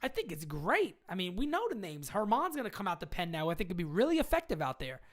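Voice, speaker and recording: A woman's voice: lowish voice, huge pitch swings, fast. A woman hosting a casual live stream chat, talking in slangy, emphatic bursts, repeating her points and answering viewer questions. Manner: slangy fan talk, occasional swearing.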